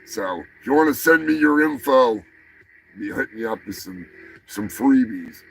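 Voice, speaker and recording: A man hosting a comedy news livestream, swearing and ranting with mock anger, swinging between shouts and mutters. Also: mid-range voice, lively intonation, normal speed, gravelly, slight background noise, rough recording. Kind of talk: crude ranting livestream banter.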